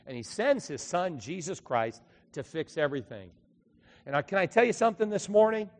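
A middle-aged pastor delivers a sermon with a fairly high voice that rings out through a church hall. He swings from loud, fervent bursts to hushed, confiding asides, and the long reverb trails after each phrase. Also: fairly quick. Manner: animated preaching, swinging between loud bursts and quiet asides. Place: church sanctuary.

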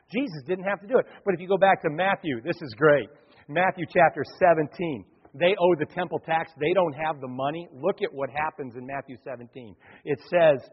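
Animated preaching man in an echoing hall. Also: a little high, slightly rough. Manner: animated preaching, acts out quoted voices. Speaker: pastor. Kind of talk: sermon. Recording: dull sound, long hall reverb.

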